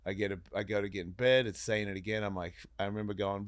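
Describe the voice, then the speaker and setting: A man's voice: on the low side, quick pace, few pauses. A man telling a long personal story in casual podcast chat, swearing freely and acting out the voices in it. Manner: animated, swearing, acts out voices in his story. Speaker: podcast guest.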